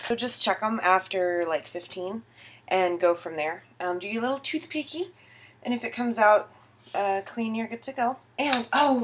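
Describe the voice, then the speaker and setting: A woman's voice: a little high, animated, normal speed, slight background noise. A tipsy young woman filming a casual baking tutorial in her home kitchen, giggly, rambling and self-mocking.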